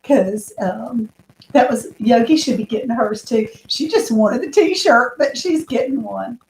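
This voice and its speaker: A woman's voice: on the high side, animated, unhurried, darkish tone, a little hiss or hum. A woman hosting a casual homestead livestream, chatting and greeting viewers by name. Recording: echoey room.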